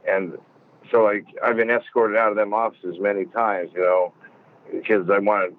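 A man's voice: lowish voice, level tone, normal speed. A man telling stories as an interview guest over the phone from a car, swearing a lot and rambling with many fillers. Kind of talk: storytelling interview. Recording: tinny phone line.

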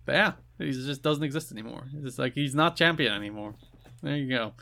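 A man's voice: medium pitch, vocal fry. An Irish man co-hosting a podcast, chatting casually and sarcastically about wrestling, laughing often. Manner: animated, quick to laugh, sarcastic. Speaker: podcast co-host.

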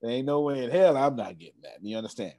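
A man presenting on an online meeting call, excitable and casual, repeating himself for emphasis. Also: medium pitch, quick pace. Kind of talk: animated motivational pitch.

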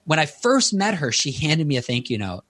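A man's voice: fairly high pitch, very animated, normal speed, fairly bright tone, no echo. A man in his thirties, a guest author in an interview, telling personal stories in an earnest, conversational way.

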